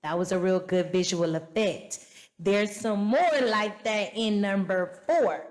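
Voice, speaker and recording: A woman's voice: medium pitch, slow pace, poor audio. Chatty woman host talking movies. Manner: chatty, animated, talks straight to viewers. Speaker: podcast host. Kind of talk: casual movie review chat.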